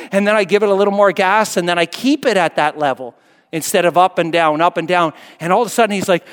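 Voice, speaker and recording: Male preacher, high voice, emphatic sermon cadence that rises and falls quiet, long hall reverb. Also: fast. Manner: emphatic, repetitive preaching cadence, swelling then dropping soft. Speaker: pastor.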